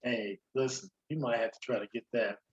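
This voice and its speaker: A man's voice: mid-range voice, fairly even intonation, a little fast. A man co-hosting a podcast, talking sports in a laid-back, slangy, teasing way. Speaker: podcast co-host. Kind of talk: casual sports banter. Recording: roomy, slightly dull sound.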